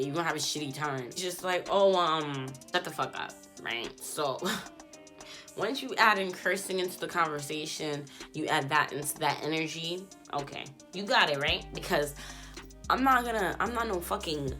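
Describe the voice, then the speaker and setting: Woman vlogger, storytime rant; bright tone, blunt and profane, voices both sides of the argument. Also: fairly low pitch. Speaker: YouTube host and stylist.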